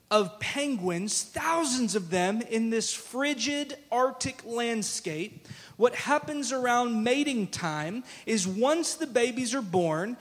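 A man's voice: very high-pitched, a bit bright, long reverb tail. A man preaching a sermon as pastor, talking conversationally and speaking directly to his congregation in a church. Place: church sanctuary.

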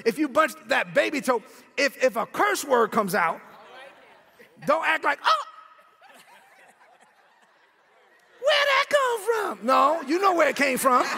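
A man preaching an energetic sermon in a church, often shouting and calling on the congregation to repeat his words. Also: very high voice, gravelly. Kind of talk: energetic sermon with call-and-response. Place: church sanctuary. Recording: long hall reverb with faint music.

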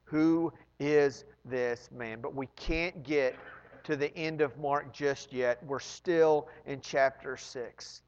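A man preaching a sermon with animated swings between loud emphasis and hushed asides, often repeating words when excited. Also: medium pitch, takes it slowly, clean tone, long reverb tail, lo-fi sound. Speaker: pastor.

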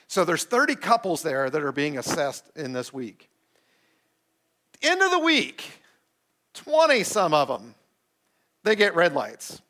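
Speaking at a measured pace in a fairly high voice, a middle-aged pastor shares a personal anecdote in his sermon. He's lively and pokes fun at himself, performing the quoted lines.

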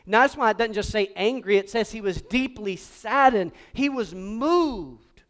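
A pastor preaching a lively sermon to a congregation and calling on them to repeat words back. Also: male voice, sits high, a little slow. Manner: animated preaching with call-and-response to the congregation. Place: church sanctuary before a congregation.

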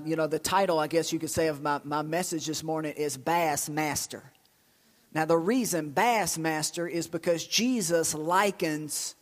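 A middle-aged man with a drawl delivers a sermon in a church. His voice sits high for a man and he tells stories with sudden shouts and stumbling repeats. The sound carries a long reverb from the hall. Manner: lively storytelling with shouts and repetitions. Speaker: pastor.

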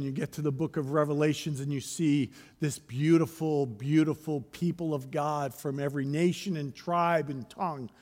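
A man preaching a sermon as pastor, swinging between hushed, searching questions and loud, rising calls to the congregation. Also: on the high side. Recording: long hall reverb.

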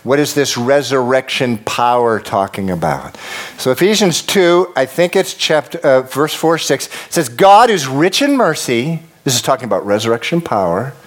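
A pastor preaching a sermon, emphatic and repetitive, talking straight to his congregation and dropping to a hush at times. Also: mid-range voice, expressive, moderate pace. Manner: addresses the congregation directly.

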